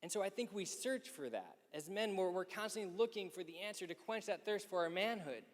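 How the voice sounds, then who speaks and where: High-voiced man telling a story in a hall. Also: a little fast. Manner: lively storyteller who acts out quoted people. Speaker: speaker at a youth conference men's session. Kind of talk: storytelling talk. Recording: echoey hall.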